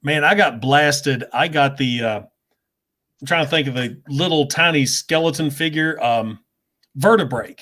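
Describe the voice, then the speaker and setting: A man's voice: on the high side, a little slow. A man hosting a casual chat with a fellow creator, talking freely and laughing often. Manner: chatty, laughs often, animated when telling stories. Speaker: show host interviewing a fellow creator.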